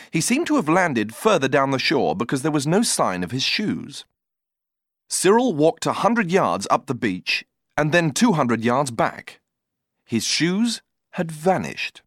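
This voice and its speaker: A man narrating a comic story aloud, expressive and playful, with strong comic timing. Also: mid-range voice, no room sound, studio quality. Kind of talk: storybook reading.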